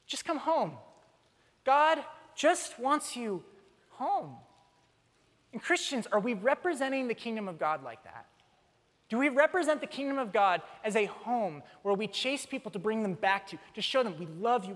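Give me a young male pastor preaching with animated humor, his voice ringing in a large reverberant hall. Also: very high-pitched. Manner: animated storytelling with self-mocking humor. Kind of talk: sermon.

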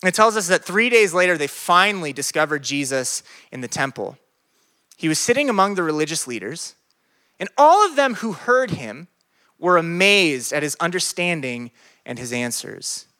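A male pastor preaching to young people in a loose, conversational way, full of jokes and quick asides. His voice sits a little high and rings bright. He swings between big, excited peaks and quiet, earnest stretches. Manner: animated, joking, conversational. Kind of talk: sermon to a youth group.

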